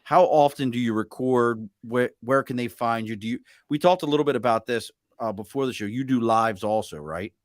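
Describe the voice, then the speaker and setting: A man's voice: mid-range voice, fairly quick, hardly any pauses, no echo, clean studio sound. A man hosting a podcast in casual chat, joking and self-mocking as he talks. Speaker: podcast host.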